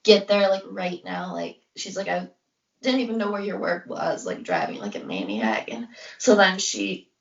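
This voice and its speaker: With vocal fry and a mid-range, expressive voice at normal speed, the young podcast co-host wanders through a personal anecdote, packing in "like" and performing other people's lines. Everything sounds distant, roomy and muffled, lo-fi.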